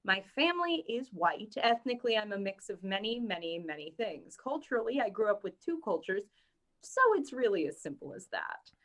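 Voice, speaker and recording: A woman's voice: medium pitch, sing-song, normal speed, fairly bright tone. A woman co-hosting a casual podcast, reading news items and chatting with amusement. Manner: amused, laughing often. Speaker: podcast co-host.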